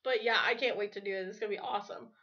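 A woman's voice: mid-range voice, steady tone, very fast. A woman in her thirties chatting casually to her camera at home, rambling from one thing to the next and laughing often between words. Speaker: vlogger. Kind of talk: casual rambling vlog chat. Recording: dull lo-fi home recording.

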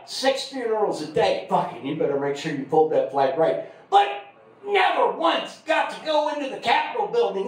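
A middle-aged man with a very high voice does a stand-up set at an open mic. He talks loudly and breaks into shouted, crude punchlines. The sound is a roomy club recording, heard from a distance. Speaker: stand-up comic. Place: comedy club stage. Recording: echoey club, far from the mic.

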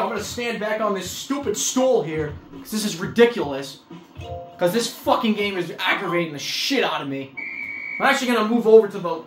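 A woman playing a video game and commenting as she goes, frustrated, swearing a lot and yelling at the game. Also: mid-range voice. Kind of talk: let's-play commentary. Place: room at home while playing a motion-control console. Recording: echoey room with faint game music.

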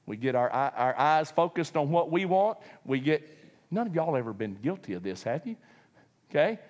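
A man's voice: a little high, sing-song, moderate pace, darkish tone, long reverb tail. A man preaching a sermon, telling the story with humor, acting out voices and laughing often.

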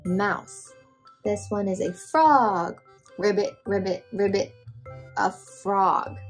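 A woman talks to small children in a playful, sing-song way and makes animal noises as she names each toy. Her pitch swings widely and she takes her time with every word. Soft music plays faintly behind her. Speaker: children's presenter. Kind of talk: teaching toddlers, naming toys slowly.

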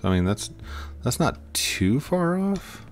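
A man's voice: mid-range voice, very animated, measured pace. A man giving casual, playful commentary while playing a game, acting out little scenes and sound effects. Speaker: gaming YouTuber.

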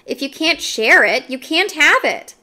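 A fair-minded playground teacher from a storybook, read by a woman speaks calmly and reasonably. The delivery is unhurried and bright, with a lively, rising and falling tone. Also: sits high, pitched above the performer's own voice, full character voice. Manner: calm, reasonable.

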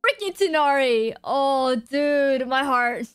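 A young woman streaming her game pulls, excitable, gasping and shrieking as she reacts to her chat. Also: high-pitched, slow, dry recording, clean studio sound. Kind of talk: live-stream gacha reactions.

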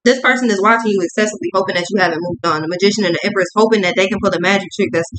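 A young woman doing a casual tarot reading, profane and full of slang, acting out both sides in quick asides. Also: medium pitch, fairly bright tone, poor audio. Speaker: tarot reader.

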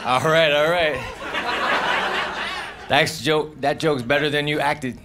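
Deadpan stand-up guy, kinda high voice, offhand one-liners, live club tape w/ crowd noise all over. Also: slow pace. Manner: deadpan, offhand one-liners, drifts into low muttered asides. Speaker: stand-up comedian. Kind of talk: stand-up comedy set. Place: comedy club stage with laughing audience. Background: audience laughter.

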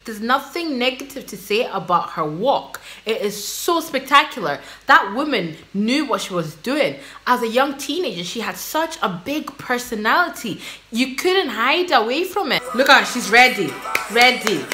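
Gushing woman with a lively, bright voice. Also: fairly high pitch, moderate pace. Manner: gushing, excitable, exclaiming and laughing. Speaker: reaction video host. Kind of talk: casual reaction commentary.

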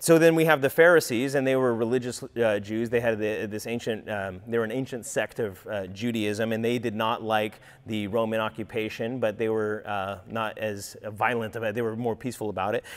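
A man's voice: fairly low pitch, fairly even intonation, fairly quick, hardly any pauses. A man teaching a casual, conversational sermon, acting out quoted voices, with many fillers. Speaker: preacher. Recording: long hall reverb.

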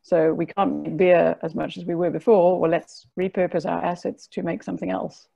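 Woman panelist, flat gravelly delivery, dark tone, lo-fi call audio. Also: fairly low pitch, normal speed. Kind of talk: online panel discussion.

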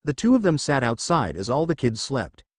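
Expressive male storybook narrator. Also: mid-range voice, moderate pace, slightly rough, no room sound, studio quality. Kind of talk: storybook reading.

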